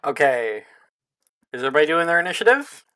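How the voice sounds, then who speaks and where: A game master running a tabletop game over an online voice call, lively and laughing, calling players by name. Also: mid-range voice, fast, no room sound.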